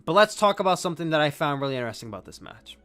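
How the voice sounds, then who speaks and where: Male podcast host, fairly high voice, dry close sound, eager and rambling. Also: sing-song, racing, fairly bright tone, clear, resonant tone, no room sound. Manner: enthusiastic, rambling with restarts. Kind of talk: casual wrestling review.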